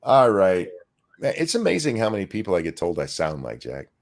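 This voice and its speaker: A man co-hosting a casual podcast, blunt and crude in his rants. His voice sits low but jumps around with lots of animated inflection. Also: brisk. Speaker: co-host.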